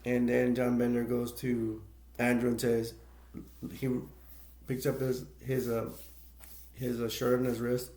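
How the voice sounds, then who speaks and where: A man's voice: mid-range voice, completely flat delivery, unhurried, pauses often, dark tone. A man casually retelling a film's plot as a movie reviewer, rambling and laughing between points. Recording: echoey room.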